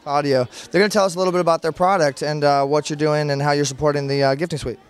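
A man's voice: on the high side, steady tone, racing, clear, resonant tone. A man hosting interviews at an event gifting suite, joking and upbeat. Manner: joking, upbeat, self-promoting. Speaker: host. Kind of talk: red carpet interview.

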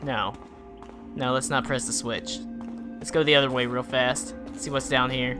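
A let's play gamer swearing and shouting at enemies while commenting on the game to the viewer. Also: mid-range voice, normal speed, over music. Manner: profane, excitable, yells at enemies on screen; talks to the viewer while playing. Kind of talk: casual gameplay commentary.

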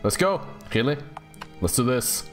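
A young man giving casual, jokey let's play commentary on a horror game, rambling and squealing up high when excited. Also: unhurried. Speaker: gaming YouTuber. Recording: faint game music behind.

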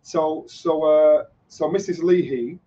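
A man with a Yorkshire accent, a guest on a casual chat show, telling an animated story about his past. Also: on the high side, slow pace, muffled recording, a little hiss or hum. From Yorkshire, England. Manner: animated storyteller, acts out voices in anecdotes. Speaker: guest, former boxer.

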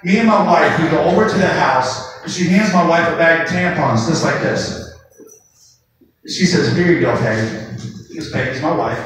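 A man doing a stand-up comedy routine, acting out shrill voices in his stories. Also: moderate pace, a bit bright, slight background noise. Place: comedy club stage. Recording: echoey club from a distant mic. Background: audience laughter.

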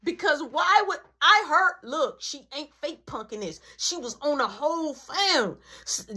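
Woman, comedic storytime, slangy and animated, bright lively voice, somewhat high. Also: unhurried, hardly any pauses. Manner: animated, slangy, acts out every character.

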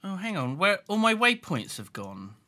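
A man's voice: high-pitched, sing-song, normal speed, sharp tone. A man co-playing a game, chatting casually with a sarcastic, mock-exasperated manner. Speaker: co-player. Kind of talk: casual gameplay chat.

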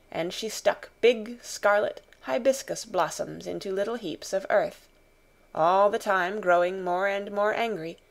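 A woman reading a classic novel aloud as audiobook narration, in a calm, even, expressive storytelling manner. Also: lowish voice, gravelly. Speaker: audiobook reader.

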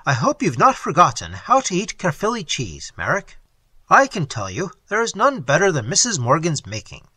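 A man reading aloud voices a hearty, florid middle-aged Welsh countryman with a Welsh accent, calling out loudly and cheerfully. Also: huge pitch swings, moderate pace, breathy edge, no echo, heavily acted. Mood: jovial. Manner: booming, jovial.

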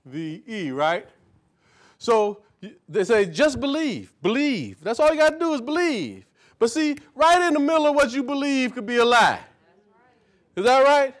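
A very animated man with a very high voice, speaking at a moderate pace, preaches live to a small group. He leads a reader through verses while echoing each phrase, and his folksy teaching is full of "see?" and "right?" plus rhythmic runs of repeated key words.

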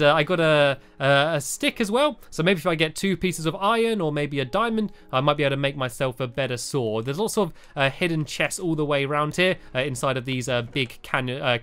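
A young man chatting casually as he plays a video game, giggling often and filling pauses with "uh". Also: a little high, fairly bright tone. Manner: chatty, giggly, with many "uh" fillers. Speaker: gaming YouTuber.

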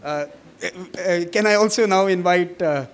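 A middle-aged man giving formal welcome remarks at a conference, measured, with many fillers when he speaks off the cuff. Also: sits high. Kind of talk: formal welcome speech, partly read, partly ad-libbed.

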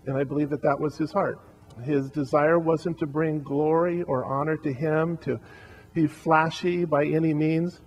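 A male pastor delivers a memorial eulogy in a heartfelt, halting way, often restarting his sentences. His voice sits on the higher side for a man. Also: little pitch movement, darkish tone, poor audio.

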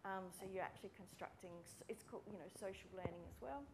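A woman, a speech pathology lecturer giving a friendly, brisk welcome talk to students and calling out names. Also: medium pitch, slight background noise. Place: university room with students.

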